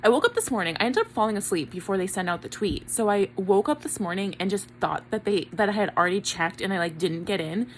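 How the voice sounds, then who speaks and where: Excitable young woman vlogging, swears a lot. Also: medium pitch, slight background noise. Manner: excitable, swears a lot, talks fast with many fillers. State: shaky and tearful with excitement. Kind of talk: casual vlog talk to camera. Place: bedroom at home, early morning.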